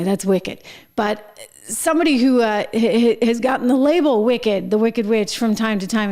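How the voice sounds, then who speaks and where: A woman's voice: on the high side, darkish tone. A middle-aged woman hosting her own show, giving chatty political commentary with wry asides and frequent laughs. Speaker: show host.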